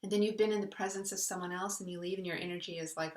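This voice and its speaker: A woman's voice: fairly low pitch, fairly even intonation, rapid-fire, distant mic, slight background noise. A woman hosting a reflective spiritual talk. She speaks earnestly and conversationally. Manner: earnest, conversational, retells a story with voiced quotes. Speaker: host. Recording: echoey room, voice a bit off-mic.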